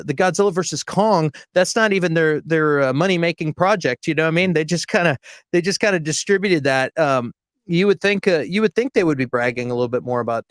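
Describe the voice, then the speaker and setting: A man's voice: fairly high pitch, dry recording, clean studio sound. A man in a casual chat, emphatic and full of stammering restarts and fillers.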